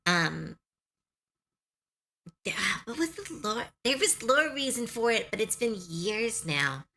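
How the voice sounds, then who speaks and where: Young woman streamer, bright voice with a lot of pitch movement, loose and self-mocking, laughs easily. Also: very animated, slow pace, vocal fry, slight background noise. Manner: chatty, self-deprecating, laughs often. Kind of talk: casual live-stream chat.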